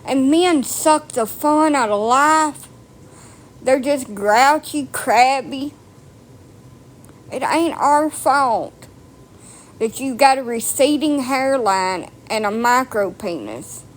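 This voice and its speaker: A woman's voice: sits high, lively intonation, slow. A woman delivering a blunt, profane, mocking rant to camera. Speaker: vlogger. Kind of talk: ranting monologue.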